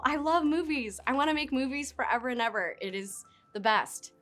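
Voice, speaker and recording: A woman in her thirties, an actress, talking casually and playfully in an interview, with giggles and quick asides. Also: high voice, animated, a bit bright. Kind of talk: casual interview talk to camera. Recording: faint music behind.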